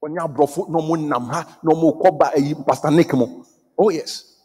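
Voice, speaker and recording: Husky preacher in an echoing hall. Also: male voice, on the high side, moderate pace. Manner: emphatic, repetitive, swings from shouting to near whisper, breaks into song. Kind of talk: sermon. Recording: echoey hall with long reverb.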